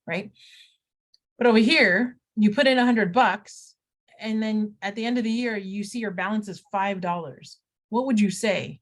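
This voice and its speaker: A woman's voice: medium pitch, moderate pace. Middle-aged woman, math teacher; chatty walkthrough with playful asides. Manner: chatty, talks students through steps, playful asides. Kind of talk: recorded math lesson walkthrough.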